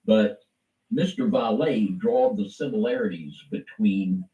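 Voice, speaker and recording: A preacherly male co-host with a lowish voice that rises and falls widely as he drives his points home. He sounds set back from the mic in an echoey room, like someone talking across a hard-walled space. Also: expressive, measured pace, mellow, recorded from a distance, muffled recording. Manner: preacherly, swinging between low and emphatic. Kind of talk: impassioned religious commentary.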